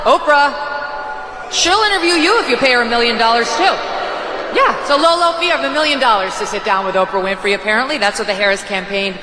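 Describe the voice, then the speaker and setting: A woman's voice: a little high, brisk. Sarcastic woman in an echoey clip. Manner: mocking, sarcastic. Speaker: commentator in a played clip. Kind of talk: broadcast political commentary. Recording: roomy reverberant clip with background noise.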